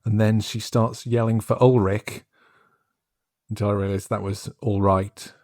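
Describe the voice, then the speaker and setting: A man's voice: on the low side, flat delivery, moderate pace, mellow, no echo, studio quality. A man co-hosting a podcast, talking things over in a thoughtful, detailed way. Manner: thoughtful, detailed, reads quotes from scripts. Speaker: podcast co-host. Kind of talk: casual discussion.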